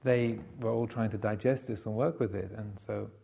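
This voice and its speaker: A man giving a Buddhist dharma talk, telling a story in a halting way with many fillers and restarts. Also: lowish voice, steady tone, vocal fry, dark tone, breathy edge. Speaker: Buddhist monk teacher.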